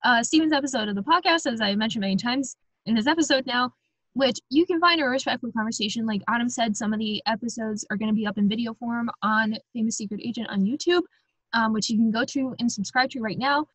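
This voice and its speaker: Bubbly higher-voiced woman host. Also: fast talker, fairly bright tone, dry recording. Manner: bubbly, rambling, lots of ums. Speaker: podcast host. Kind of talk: casual chat, sign-off.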